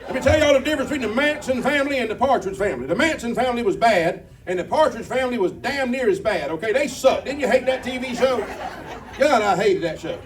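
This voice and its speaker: A man's voice: extremely high pitch, animated, fast talker, noisy background. A man doing stand-up comedy, telling folksy stories, chatting with the crowd and singing a few comic bits. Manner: folksy storytelling, crowd banter. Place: comedy club stage. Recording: distant mic, live crowd and guitar. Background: audience laughter and guitar.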